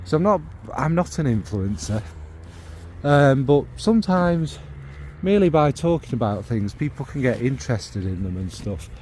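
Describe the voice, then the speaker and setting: This fragrance vlogger's mid-range voice swings widely in pitch at a moderate pace, with slight background noise. He talks casually to camera for a long stretch, rambling and warmly excited about scents.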